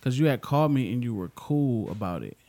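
A man's voice: medium pitch, fairly quick. A man casually joining a conversation, adding short remarks and his side of the story. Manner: relaxed, chimes in with short agreements. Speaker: partner joining the vlog. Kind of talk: casual chat.

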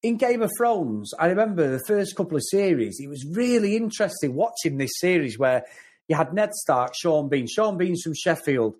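Mancunian male podcast co-host, rambly, animated delivery, mid-range voice. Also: a little high, moderate pace. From North West England. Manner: rambling and animated, repeating words as he goes. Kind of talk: casual film review chat.

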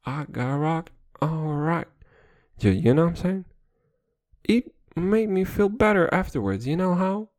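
A man's voice: a little high, lively intonation, unhurried, darkish tone, no echo, studio quality. A young man hosting a comedy podcast, rambling in casual slang, swearing a lot and saying "dude" constantly. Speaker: podcast host.

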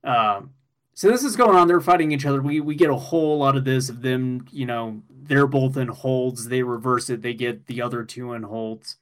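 A man co-hosting a casual podcast, recapping an anime episode in an excitable way, swearing and laughing as he goes. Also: mid-range voice, moderate pace.

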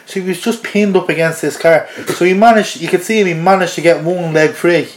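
Irish man, podcast guest, slightly high voice, casual storyteller, laughs as he talks, roomy echo. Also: fairly quick. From Ireland. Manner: chuckles through an animated anecdote. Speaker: interview guest. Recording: roomy echoey podcast audio.

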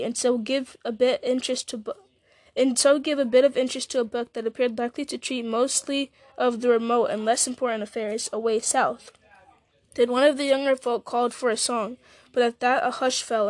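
A woman reading a novel aloud, steady, with small slips and restarts. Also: on the high side, a little fast, dry recording. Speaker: audiobook reader.

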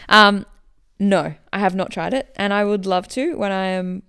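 A woman hosting a podcast, answering listener questions in a relaxed, chatty way that explains as she goes. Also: medium pitch, normal speed, gravelly, clean tone. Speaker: running coach and podcast host.

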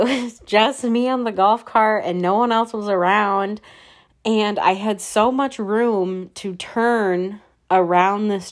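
Chatty, self-mocking young woman. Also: medium pitch. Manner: chatty and self-mocking, laughs often, swears freely, many fillers. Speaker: podcast host. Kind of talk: casual storytelling monologue.

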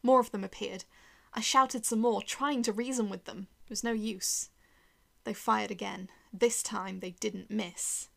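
Gravelly woman narrating a horror story. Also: medium pitch, steady tone, measured pace. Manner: tense, dramatic, dropping to a whisper at times.

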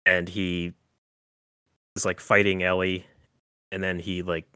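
A man's voice: low voice, flat delivery, slow, bright, forceful tone, clear, resonant tone, no echo. A man hosting a casual podcast about a movie, talking loosely with lots of fillers and restarts. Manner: rambling, many fillers and restarts. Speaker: podcast host.

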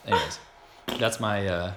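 A man's voice: low-pitched, moderate pace, a crowd in the background. A man in his thirties hosting a casual podcast, telling amused stories about parenting, recorded in an echoey room with faint noise. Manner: chatty, amused storytelling. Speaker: podcast host. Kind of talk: casual chat.

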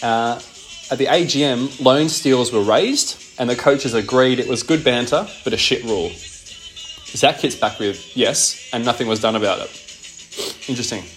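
A young man giving a casual comedic recap, laughing often, swearing and tossing in quick asides. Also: mid-range voice. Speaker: host recapping a fantasy league.

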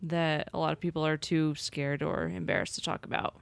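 A woman with a somewhat low voice co-hosts a casual podcast. She is playful, laughs easily and swears now and then. The recording is dry and close. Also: brisk, vocal fry, smooth, dry recording. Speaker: podcast co-host. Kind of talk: casual chat.

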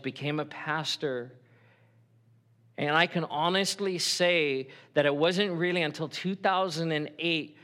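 Middle-aged pastor guy preaching in church, bright kinda high voice, chatty and earnest. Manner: earnest, conversational preaching with acted-out quotes. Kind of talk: sermon.

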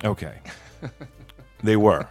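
A man's voice: lowish voice, slow pace, darkish tone, faint music behind. A man co-hosting a podcast, arguing hard about a movie in casual, profane rants. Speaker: podcast co-host. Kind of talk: casual heated movie debate.

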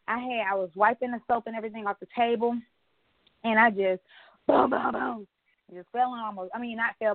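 A woman co-hosting a podcast, telling stories in casual chat, animated and laughing often. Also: on the high side, no room sound. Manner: chatty storyteller, animated retellings, frequent laughs. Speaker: podcast co-host. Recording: tinny phone-line sound.

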